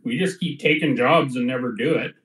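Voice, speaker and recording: A man's voice: mid-range voice, brisk, fairly bright tone, echoey room, far from the mic, poor audio. A man playing a tabletop game over a voice call, asking joking, scheming questions. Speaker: player. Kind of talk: casual chat at the game table.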